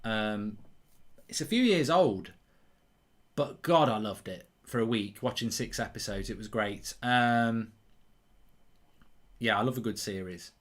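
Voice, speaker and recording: A man hosting a live football watchalong, chatting casually and answering viewer questions in a lively way and swearing freely. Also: lowish voice, measured pace, long pauses. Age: older than 23. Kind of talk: casual chat.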